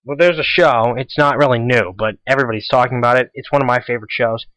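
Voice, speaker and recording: A man's voice: medium pitch, quick pace, a bit bright, no echo, rough recording. A teenage boy hosting a casual school radio show, rambling and repeating himself as he chats. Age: teens. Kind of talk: casual solo radio talk.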